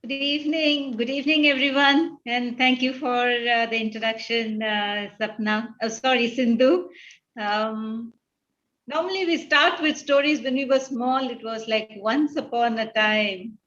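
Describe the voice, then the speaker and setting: High-voiced woman storyteller, measured, muffled online audio. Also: fairly bright tone. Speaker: guest storyteller. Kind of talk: telling a moral folk tale.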